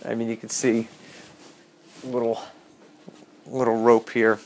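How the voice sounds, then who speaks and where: A man's voice: mid-range voice, flat delivery, takes it slowly. A man teaching a casual bible class, reading scripture aloud and adding wry, chatty asides.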